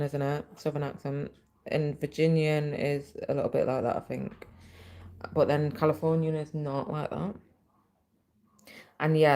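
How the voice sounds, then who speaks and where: A tired woman hosts a live stream, chatting casually and rambling while she stitches, with many fillers as her voice turns scratchy. Her voice is low-pitched and a little mellow.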